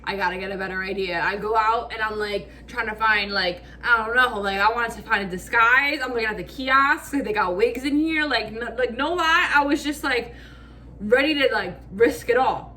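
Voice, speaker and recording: This vlogger's fairly high voice moves at a normal speed as she tells her story in casual slang. Lively and full of "like" fillers and swearing, she acts out each quote.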